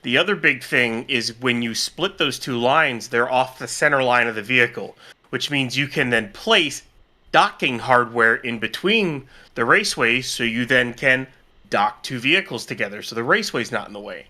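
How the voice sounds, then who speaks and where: A man's voice: medium pitch, expressive, moderate pace, sharp tone. A man co-hosting a live stream, casually explaining technical details with frequent fillers and restarts. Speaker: co-host answering questions.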